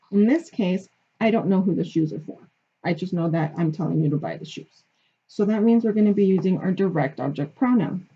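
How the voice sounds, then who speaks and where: A woman's voice: mid-range voice, mellow, breathy edge. A woman teaching a grammar lesson, explaining patiently step by step and checking in with her listeners. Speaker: Spanish teacher. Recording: dull lo-fi recording.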